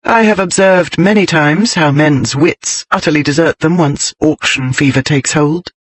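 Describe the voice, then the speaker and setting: A sharp-witted young lady, cool and unruffled, as a male narrator puts her on, lifted a little higher than his own fairly high voice. Her lines come crisp, arch and precise, as in a storybook romance. The sound is dry and close. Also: measured pace, no room sound.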